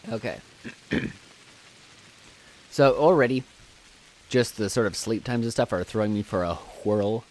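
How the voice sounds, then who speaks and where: A man's voice: on the low side, measured pace, long pauses, darkish tone. A man doing casual live game commentary, chatty and jokey, thinking aloud as he plays into a desk microphone. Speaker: streamer.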